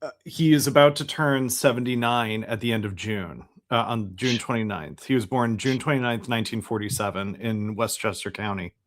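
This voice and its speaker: A man's voice: fairly low pitch, moderate pace, hardly any pauses, dry recording, studio quality. A man co-hosting a podcast in casual chat, reacting with short agreeing interjections. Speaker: podcast co-host.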